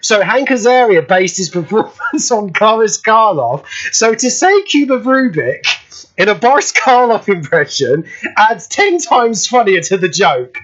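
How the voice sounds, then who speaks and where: A British man hosting a radio show in casual chat, excitable and quick to burst out laughing. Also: high voice. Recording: dull lo-fi radio audio.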